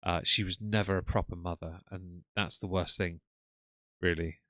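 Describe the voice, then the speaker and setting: Man, casual stream chatter, bright tone, dry close mic, slightly low voice. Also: steady tone, normal speed, no room sound. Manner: chatty, reads chat names aloud, frequent ums. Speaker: streamer reacting to clips. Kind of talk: casual live-stream commentary.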